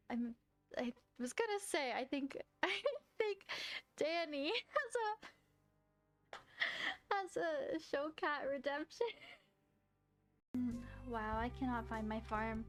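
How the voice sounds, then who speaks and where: A young woman with a high voice chats with her stream while playing, bursting into gasps, shrieks and swearing. She sounds bubbly and easily startled, with faint game music in the background. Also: animated, a little slow. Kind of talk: casual live-stream chat.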